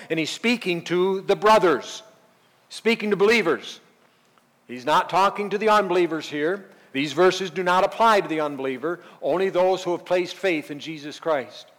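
Guy preaching a bible lesson, kinda high voice, lots of echo like a big hall. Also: a bit bright. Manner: earnest, emphatic teaching with repeated phrases. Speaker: pastor. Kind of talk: verse-by-verse sermon.

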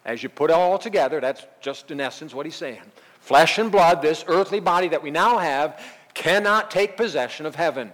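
A man's voice: a little high, normal speed, a bit bright, long reverb tail. A man preaching a verse-by-verse sermon, teaching earnestly and emphatically, repeating key phrases. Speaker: pastor.

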